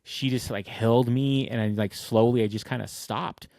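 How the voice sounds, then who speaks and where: A man's voice: medium pitch, fairly even intonation, normal speed, gravelly, darkish tone, dry recording, studio quality. A man co-hosting a podcast, telling a rambling story in casual chat and laughing through his words. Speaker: podcast co-host.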